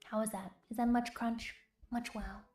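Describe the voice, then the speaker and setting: A woman streamer speaking softly in a whispered role-play, chatting to her viewers with giggles between words. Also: fairly high pitch, flat delivery, moderate pace. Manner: soft whispered chat, giggly, chats with viewers. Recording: roomy with faint music.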